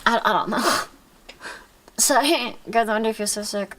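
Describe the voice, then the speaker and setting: A woman's voice: on the high side, normal speed, a bit bright, a little hiss or hum. A woman streamer with a cold, sounding stuffy and congested, chatting in a rambling, playful way and swearing freely. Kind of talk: casual chat.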